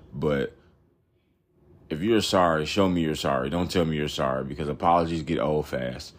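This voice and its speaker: Deep-voiced man telling a crude story. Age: 30s. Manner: rambling, blunt and crude, with frequent fillers. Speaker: podcast host. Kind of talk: profane storytelling monologue.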